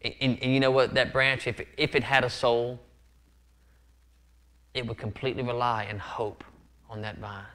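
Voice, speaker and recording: A man's voice: medium pitch, little pitch movement, moderate pace, long pauses, bright, forceful tone. A man preaching a sermon as pastor, earnest and often repeating words for emphasis. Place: church sanctuary.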